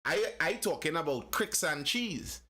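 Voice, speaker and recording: A man with a Trinidad and Tobago accent talks on a live stream, emphatic and opinionated, repeating his points. His voice sits a bit high for a man. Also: lively intonation, a little slow, sharp tone. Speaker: co-host. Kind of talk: casual live-stream chat.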